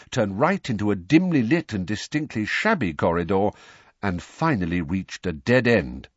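Male audiobook narrator: low, husky and animated, on a dull, dry recording. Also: no echo. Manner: expressive storytelling with lively pitch.

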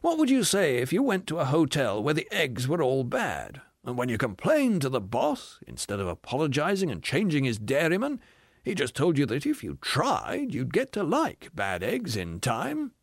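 Picture a hard-bitten ghost, bitter and cynical, who rants with a high, sharply swinging voice that keeps leaping up in scorn, as a man puts him on. The sound is close and dry, with no room around it. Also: wildly swooping pitch, moderate pace, gravelly, breathy edge, no echo, exaggerated voice. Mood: sneering. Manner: sneering, scornful, ranting complaints.

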